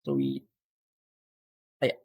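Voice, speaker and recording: Speaking slowly in a darkish voice, a man guides a viewer through a game strategy during a live stream. He stays patient and keeps posing rhetorical questions.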